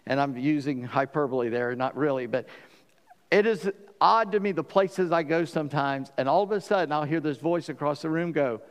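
A man preaching a sermon as pastor, lively and animated, acting out the voices in the story. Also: on the high side, normal speed, clean tone, big-room sound.

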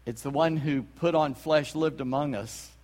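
A man preaching in a church, his voice pitched high for a man. He talks like he's chatting with the congregation, throwing out rhetorical questions with emphasis, and his words ring out in a long church reverb. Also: normal speed, darkish tone. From South Carolina. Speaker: pastor. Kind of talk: sermon. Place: church sanctuary.

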